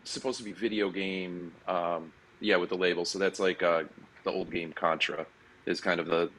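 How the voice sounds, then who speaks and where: A man taking part as a guest on a podcast over a remote call, answering in relaxed, hesitant talk. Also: sits low, normal speed, rough recording. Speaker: brewery guest. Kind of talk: casual interview answers.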